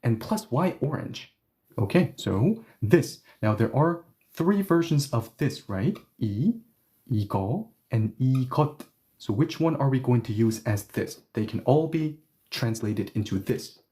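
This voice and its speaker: A man's voice: mid-range voice, a little slow. A man teaching Korean grammar in a live stream, explaining step by step and checking in often with his viewers. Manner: lively explainer who checks in with listeners.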